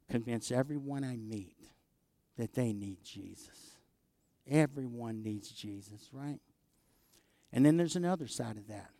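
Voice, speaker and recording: A middle-aged man preaching a sermon as pastor, with call-and-response asides, his voice swinging from loud to quiet. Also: mid-range voice, creaky, dry recording.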